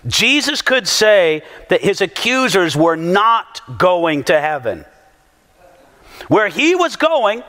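A man with a high, strongly animated voice preaches to his congregation, acting out every quote he tells. His pitch leaps up and down, and his words ring out with a long reverb from a large hall. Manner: animated storyteller who acts out quotes. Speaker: pastor. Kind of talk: sermon.

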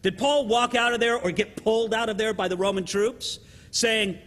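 A man preaching a sermon to his congregation in an animated way, often checking in with the listeners by asking "right?". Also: high-pitched, normal speed, long reverb tail. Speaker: pastor.

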